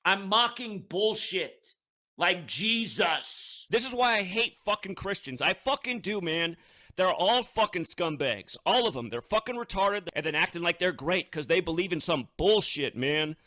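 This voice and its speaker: A man's voice: high voice, expressive, a little slow, pushed and bright. A man hosting a call-in show, ranting angrily and cursing at his listeners. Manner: furious, cursing, insulting listeners. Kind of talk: angry profane rant.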